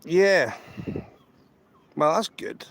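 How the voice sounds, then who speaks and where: A Scottish trainspotting livestreamer chats casually to viewers outdoors beside a railway line, holding the camera himself. His voice is fairly high, animated and a bit bright with vocal fry, and he speaks very slowly, rambling, emphatic and repetitive.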